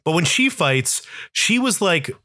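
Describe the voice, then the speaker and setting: A man co-hosting a podcast in casual chat, rambling and animated, full of restarts and "like". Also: high voice, unhurried, dry recording, clean studio sound. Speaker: podcast co-host.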